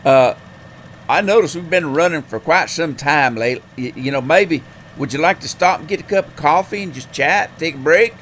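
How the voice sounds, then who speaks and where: A man's voice: fairly high pitch, moderate pace, a bit bright, slight background noise, pitched above the performer's own voice, close to an everyday voice. A man voicing a chatty male trucker with a put-on American Southern drawl, folksy and friendly over the radio.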